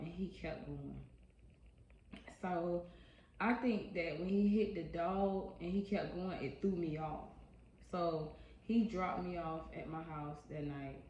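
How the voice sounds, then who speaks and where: A woman's voice: low-pitched, warm tone. A young woman telling a personal story in a casual, chatty vlog, speaking directly to her viewers and reacting expressively as she goes. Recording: dull echoey room recording, faint hiss.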